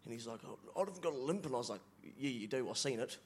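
A man's voice: medium pitch, lively intonation, quick pace. Chatty New man with faint noise. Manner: chatty, laughing, says brother a lot. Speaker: church member asking a question. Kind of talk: casual storytelling.

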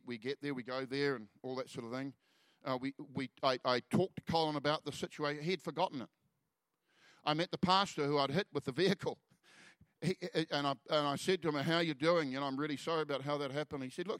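A man gives a sermon testimony, his voice sitting a little high and recorded dry and close. He speaks earnestly, with halting restarts and phrases that fall away to near quiet before he presses on. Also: no room sound. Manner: earnest storytelling, halting restarts, soft drops in volume. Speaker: preacher.

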